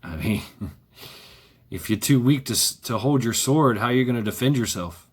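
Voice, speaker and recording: A man's voice: medium pitch, lively intonation, moderate pace, slightly rough. A man vlogging in a sarcastic ranting monologue, repeating himself, swearing freely and firing off rhetorical questions.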